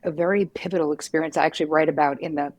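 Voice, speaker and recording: A middle-aged woman, a psychotherapist guest, telling her story frankly and lively, swearing casually. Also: low voice, racing. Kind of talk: candid conversational storytelling.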